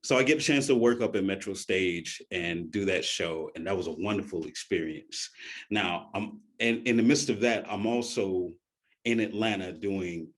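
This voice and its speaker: A man's voice: low voice, normal speed. A man telling a personal story in a casual way, often laughing and acting out quoted voices.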